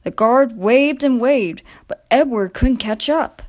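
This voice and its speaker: A woman reading a children's railway storybook aloud, gentle and expressive. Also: a little high, slow. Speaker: storybook narrator.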